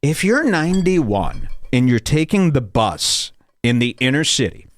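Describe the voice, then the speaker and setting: A man's voice: medium pitch, very animated, a little slow. A man hosting a comedy podcast, ranting in a crude, emphatic way. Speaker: podcast host. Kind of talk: comedic rant.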